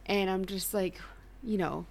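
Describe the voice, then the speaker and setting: A woman's voice: mid-range voice, steady tone, unhurried, gravelly. A woman co-hosting a podcast, chatting casually and laughing often. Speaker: podcast co-host. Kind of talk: casual chat.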